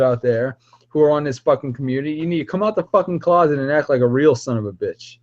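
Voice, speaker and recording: Male streamer, mid-pitched, foul-mouthed and rambling, lo-fi recording. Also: fast talker, darkish tone. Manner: profane, rambling, confrontational. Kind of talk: casual ranting stream.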